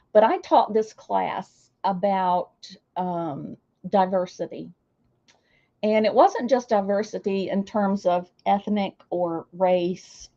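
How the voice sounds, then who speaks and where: An older woman, chatting warmly and emotionally with her viewers as a streamer. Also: mid-range voice, highs cut off. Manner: warm, emotional, gushing. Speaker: streamer hosting a celebration. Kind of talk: casual chat to viewers.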